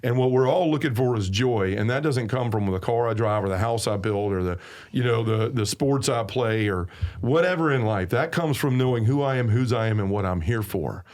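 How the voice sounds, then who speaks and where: A man's voice: mid-range voice, fairly quick, a little mellow. Earnest preaching man, Southern accent. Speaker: guest. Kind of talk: personal testimony in a podcast conversation.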